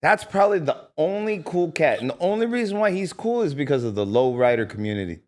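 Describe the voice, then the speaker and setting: A man with a fairly high, bouncy voice that swings all over as he jokes. He talks loose and casual, tossing in "bro" as he riffs with friends on a podcast. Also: fast talker. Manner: animated, joking, says "bro" a lot. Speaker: podcast co-host. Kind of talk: casual chat.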